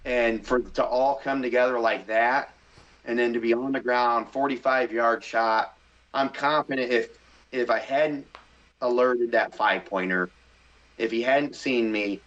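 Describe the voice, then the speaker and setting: A middle-aged man from the Midwest telling a story in a casual interview, animated and excitable, acting out his own thoughts. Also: mid-range voice. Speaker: hunting show host, podcast guest. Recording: slightly dull podcast audio.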